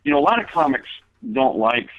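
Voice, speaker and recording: A man rambles through a casual interview as a guest comedian, stopping and restarting his sentences. His voice sits at an ordinary middle pitch. The sound is dry and tinny, as if coming through a phone line. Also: very animated, a little fast, no echo. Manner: rambling, many fillers and restarts.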